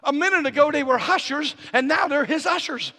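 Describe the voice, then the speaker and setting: Bright, high-pitched shouting preacher. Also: male voice, expressive, a little fast. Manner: swings from low intimate storytelling to shouted climaxes; folksy Southern-style phrasing with "ain't" and "y'all". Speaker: guest preacher. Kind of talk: sermon. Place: church sanctuary. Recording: reverberant church hall.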